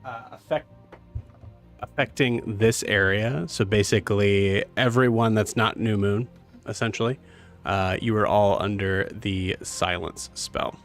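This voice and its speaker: A man narrating as game master, casual and halting with lots of fillers. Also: on the low side, steady tone, soft background music. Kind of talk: running a tabletop game.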